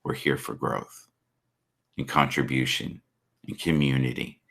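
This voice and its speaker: A man's voice: very deep voice, fairly even intonation, measured pace, creaky, fairly bright tone. A man hosting a live stream, chatting earnestly about forgiveness, love and spirit over a video call. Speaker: livestream host. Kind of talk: casual chat.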